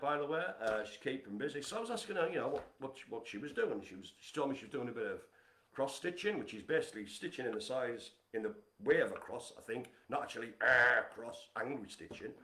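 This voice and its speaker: A man hosting a casual live stream from home, chatty and teasing as he gives shout-outs. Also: medium pitch, roomy sound. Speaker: livestream host. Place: home apartment.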